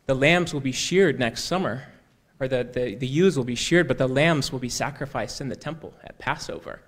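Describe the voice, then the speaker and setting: A man voicing a sad, earnest male shepherd who repeats himself loudly so an old friend can hear. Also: mid-range voice, moderate pace, lightly acted. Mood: insistent. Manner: earnest, raising his voice to be heard.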